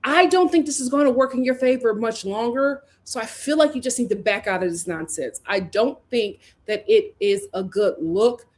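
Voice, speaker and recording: A woman hosts a casual reality TV recap in a fairly high, darkish voice, speaking at a moderate pace with few pauses. She's chatty and opinionated, laughs often while talking, and fills her speech with "like" and "you know."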